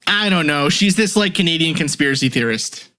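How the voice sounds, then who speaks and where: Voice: mid-range voice, animated, brisk, bright, forceful tone. A podcast host in casual chat, rambling, with many restarts and fillers.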